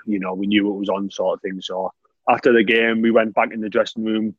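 A man tells anecdotes in a casual chat, laughing a lot and saying "mate" constantly. His voice is lowish, brisk, flat and slightly rough, and the recording is dry with the highs cut off.

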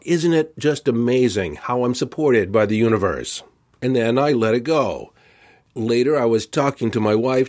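A man's voice: medium pitch, a little mellow. A man hosting a self-help podcast, talking earnestly and stressing repeated phrases with a set tonality. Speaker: podcast host.

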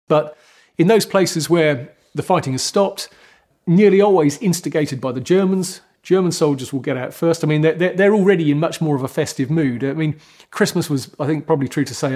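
Male historian, thoughtful, slightly high voice, documentary interview. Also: a little mellow. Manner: thoughtful, self-correcting explanation.

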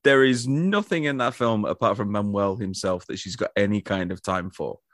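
A man's voice: on the low side, moderate pace, no room sound, clean studio sound. A man mocking a bad movie in casual podcast chat, sardonic and profane.

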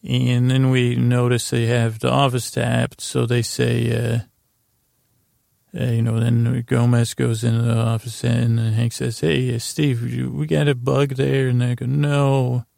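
A man hosting a sleep podcast, recapping a TV episode in a halting, rambling way with lots of fillers and restarts. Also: vocal fry, no echo, studio quality. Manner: low-key, flat retelling of dialogue. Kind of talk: meandering bedtime recap of a TV episode.

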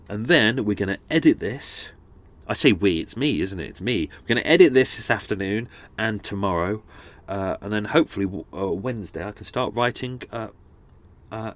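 A man hosting a true crime podcast, rambling casually with many fillers and restarts. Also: lowish voice. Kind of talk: casual chatty outro.

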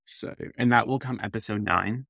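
A man co-hosting a casual podcast chat in a laid-back, wry, deadpan way. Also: fairly low pitch, moderate pace, vocal fry, husky, dry recording, studio quality. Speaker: podcast co-host.

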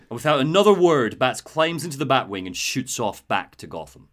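Animated man recapping a story. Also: medium pitch, a little fast, hardly any pauses. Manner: animated, enthusiastic, acts out quotes. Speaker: podcast host.

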